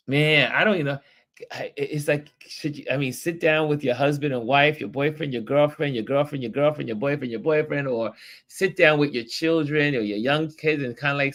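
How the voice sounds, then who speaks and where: A man hosting a casual late-night livestream, chatting in a rambling, easygoing way and breaking into animated voices when he quotes people. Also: fairly high pitch. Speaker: livestream host.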